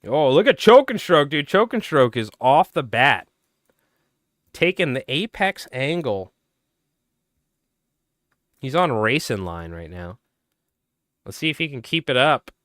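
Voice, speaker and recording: With a sing-song, medium-pitched voice and fairly bright tone, the man keeps a measured pace broken by long pauses, recorded in a studio with no echo. He rambles through a relaxed fly-tying livestream, chatting with viewers by name. He sounds strained and tired and keeps clearing his throat.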